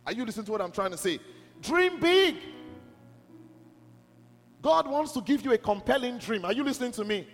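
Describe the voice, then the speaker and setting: A man's voice: sits high, expressive, racing, few pauses. A man preaching a sermon to a church, emphatic and repeatedly asking whether his listeners are listening. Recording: music under a long hall reverb.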